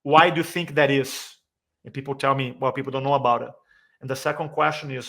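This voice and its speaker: A man's voice: medium pitch, steady tone, brisk, a bit bright. A man telling an emotional personal story as a podcast guest, acting out the voices he quotes, with slightly non-native grammar. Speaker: podcast guest, speaking coach. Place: San Diego area.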